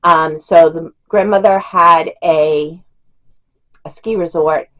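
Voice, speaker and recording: Chatty woman with a lowish voice. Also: steady tone, slow pace, lo-fi sound. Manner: chatty, rambling, with fillers and laughs. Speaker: book reviewer. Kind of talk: casual chat.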